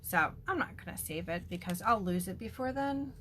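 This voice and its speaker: A woman's voice: medium pitch, animated, normal speed, a bit bright, a little hiss or hum. A woman chatting through a casual card-making demo, gushing and full of ums. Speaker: stamping demonstrator.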